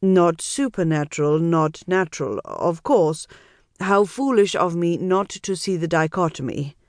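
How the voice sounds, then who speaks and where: A woman's voice: fairly low pitch, measured pace, darkish tone, dry recording, studio quality, natural voice. A woman voicing a panicked young male vampire who lisps and apologizes. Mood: flustered. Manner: flustered, apologetic, lisping.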